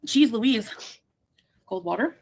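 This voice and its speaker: A woman's voice: a little high, expressive, slow pace, a little mellow. A woman co-hosting a casual livestream, reading viewer comments aloud and chuckling. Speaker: livestream co-host.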